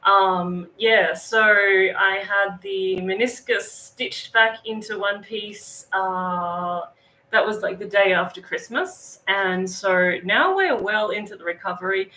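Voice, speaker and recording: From home in northern Thailand, an Australian livestream host chats easily and calls out viewers by name. Her mid-range voice is bright and forceful, delivered at a slow pace, though the recording quality is low.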